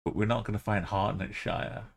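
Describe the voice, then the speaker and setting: Gravelly low-voiced man streaming. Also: steady tone, moderate pace. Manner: thinking aloud, musing, chatting to viewers. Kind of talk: live game stream commentary.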